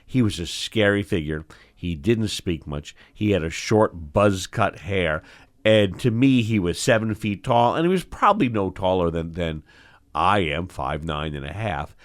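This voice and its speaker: A man's voice: deep voice, a little slow. A man, an eye surgeon, telling stories from his training in a podcast chat, acting out the people he quotes. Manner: animated storyteller, acts out quotes. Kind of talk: storytelling in a podcast conversation.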